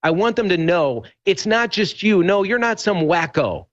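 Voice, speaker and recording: A man's voice: sits high, animated, moderate pace. Emphatic man on a lo-fi broadcast. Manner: storytelling, emphatic and rambling with restarts. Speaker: radio host guest. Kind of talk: animated talk show conversation.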